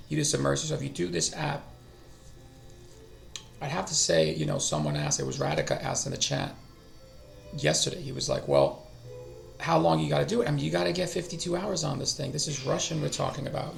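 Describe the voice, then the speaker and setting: Talking casually on a language-learning stream he hosts, this middle-aged man thinks out loud, frequently breaking off mid-thought and restarting. He has a slightly high, gravelly voice.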